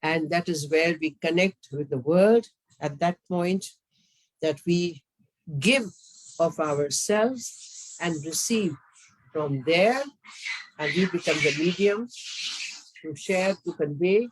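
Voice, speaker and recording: A woman from India with an Indian accent, giving a formal lecture as a classical dancer, with emphatic delivery and sweeping swings in pitch. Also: low-quality recording.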